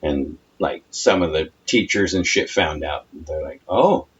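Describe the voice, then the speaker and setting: A man's voice: rumbling low, measured pace, a bit bright, husky. A man co-hosting a casual podcast, swearing freely and acting out the voices of people in his stories. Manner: swears freely, acts out quoted voices animatedly. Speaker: podcast co-host. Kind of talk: casual chat. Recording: dull lo-fi sound with faint noise.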